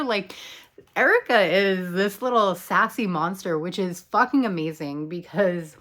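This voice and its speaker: A woman's voice: medium pitch, a little slow, fairly bright tone. A woman talking casually as a video commentator, chatty with lots of ums and likes and casual swearing.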